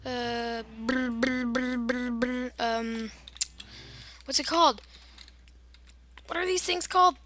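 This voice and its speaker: A woman's voice: sits high, measured pace, pauses often, pushed and bright, a little hiss or hum. A young woman chatting and rambling through casual gameplay commentary, giggling and wandering off on silly tangents. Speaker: gamer.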